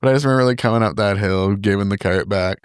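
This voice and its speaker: A man's voice: lowish voice, fast talker, smooth, no room sound, clean studio sound. A young man, a podcast co-host, telling rowdy stories in casual chat, swearing freely and laughing at himself. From Canada. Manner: profane, animated, laughs at his own stories. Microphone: podcast studio microphone.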